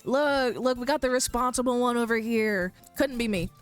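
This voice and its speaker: A woman's voice: a little high, moderate pace, clear, resonant tone, soft background music. A young woman streamer giving playful, joking commentary while playing a game. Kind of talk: let's-play commentary.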